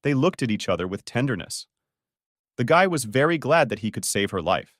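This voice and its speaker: A man's voice: medium pitch, sing-song, fairly quick, a bit bright, dry recording, studio quality. A man narrating a story recap in a scripted, dramatic storytelling manner.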